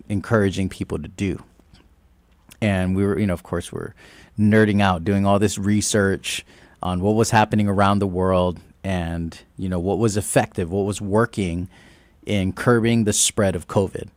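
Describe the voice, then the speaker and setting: Low-voiced man telling a lively story. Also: no echo. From Guam. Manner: animated, acts out quoted exchanges, laughs often. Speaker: radio show host. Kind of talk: casual storytelling talk. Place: radio studio. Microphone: studio microphone.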